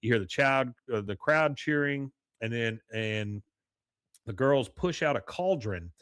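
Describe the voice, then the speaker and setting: A man's voice: medium pitch, lively intonation, a little slow, fairly bright tone, clean tone, no room sound. Dry-sounding man rambling through a recap. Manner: rambling retelling full of "uh" and acted-out quotes. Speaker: podcast host. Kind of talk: casual episode recap.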